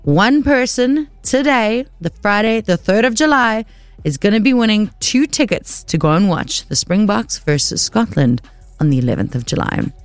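A woman's voice: mid-range voice, sing-song, normal speed, dry recording, faint music behind. A woman presenting on the radio, chatty and playful with rambling asides. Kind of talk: casual radio chat. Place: radio studio. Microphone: studio microphone.

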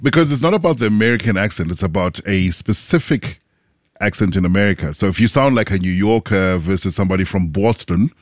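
A man chatting as a radio co-host, animated and agreeable. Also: on the low side, fast talker, dry recording, clean studio sound. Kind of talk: casual studio banter.

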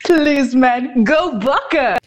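A woman's voice: high voice, lively intonation, very slow. A woman caller sending a voice note to a radio show, hamming up a mock Scottish accent.

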